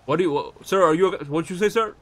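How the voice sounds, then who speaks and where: A man playing a police officer in a game roleplay, questioning people in a quick, pushy way. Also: high-pitched, fairly bright tone. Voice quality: fast, pushy questioning, slips into Spanish. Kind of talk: GTA roleplay as a cop.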